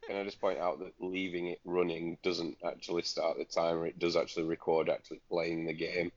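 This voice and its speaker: A man's voice: deep voice, brisk, no room sound. A man co-hosting a gaming podcast, talking in a matter-of-fact way. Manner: gravelly, flat and matter-of-fact. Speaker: podcast co-host. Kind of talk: casual chat. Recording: dry, slightly muffled podcast audio.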